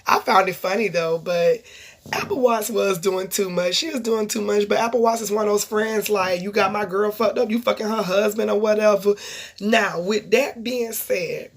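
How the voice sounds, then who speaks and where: A woman's voice: mid-range voice, moderate pace. Woman, TV recap vlogger, casual gossip, blunt, profane, mid-range voice. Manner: blunt, profane, lively storytelling with asides. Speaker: TV show reviewer.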